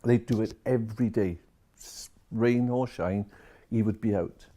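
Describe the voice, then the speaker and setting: Man, care worker, lowish mellow voice, chatty storyteller who relays every exchange. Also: a little slow. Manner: chatty, retells conversations line by line. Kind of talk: storytelling to camera.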